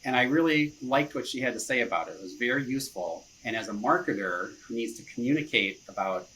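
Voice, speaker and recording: A man's voice: mid-range voice, expressive, fast, sharp tone, slight background noise, low-quality recording. A man, a marketing director, chatting casually as a podcast guest in an easygoing way, often chuckling and saying "you know". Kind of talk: casual interview chat.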